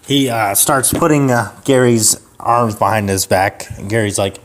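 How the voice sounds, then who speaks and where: A man's voice: fairly low pitch, measured pace, slight background noise. A young man improvising a comic story on a podcast, rambling and laughing as he acts out the characters. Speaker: podcast co-host.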